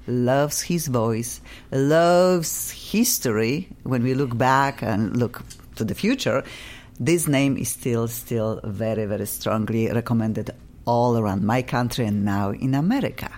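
A middle-aged woman from Poland with a Polish accent, hosting a lively radio talk show, effusive and laughing often. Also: very deep voice, unhurried.

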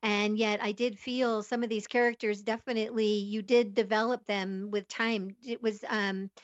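Woman co-host, curious and halting questions, dull dry sound. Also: mid-range voice, flat delivery, dry recording. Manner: curious, hesitant questions with fillers. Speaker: podcast co-host. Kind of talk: podcast interview.

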